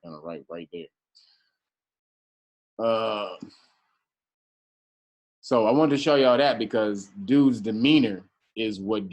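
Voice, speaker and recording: A man's voice: lowish voice, breathy edge, lo-fi sound. A man teaching a casual class, talking in slang, often restarting his sentences and stressing his points hard. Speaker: class instructor.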